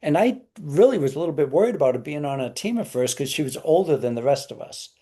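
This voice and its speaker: A man's voice: fairly high pitch, lively intonation, fast talker, dark tone. A man, a podcast guest, telling anecdotes in an easygoing, storytelling way. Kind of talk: podcast interview.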